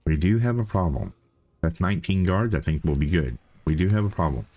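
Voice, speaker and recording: A man's voice: deep voice, expressive, brisk, darkish tone, soft background music. A man giving casual, chatty commentary as he plays a game, thinking aloud and repeating himself. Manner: playful self-talk. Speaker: let's play host.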